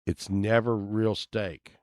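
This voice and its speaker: Slow, low-voiced man rambling casually. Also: steady tone, no echo, studio quality. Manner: meandering, grumbling asides, occasional swearing. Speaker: vlogger. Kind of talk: casual rambling commentary while browsing online.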